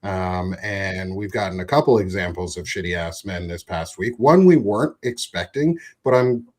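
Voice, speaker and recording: Casual male host, lower voice, loose and profane. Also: moderate pace. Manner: loose, joking, swears freely. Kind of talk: casual live-stream chat.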